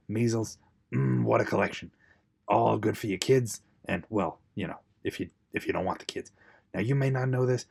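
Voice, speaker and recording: A man's voice: fairly low pitch, gravelly, slightly rough. A young man improvising a sarcastic, rambling voice-over for his wife's makeup video, with mock-tutorial asides.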